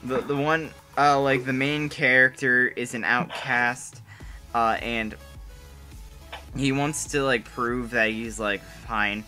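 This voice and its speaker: A young man jokes through a casual podcast chat and laughs easily. His voice is mid-pitched with a bright, forceful edge. Faint music sits behind him. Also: fairly even intonation. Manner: joking, quick to laugh. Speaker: podcast co-host.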